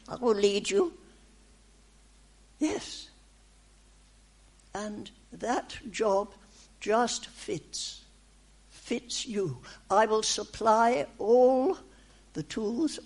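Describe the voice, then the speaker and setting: A woman giving a prophetic message in the first person as God, in slow, deliberate, reassuring short phrases that she often repeats. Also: on the high side, a little mellow, husky. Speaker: speaker delivering a prophetic message.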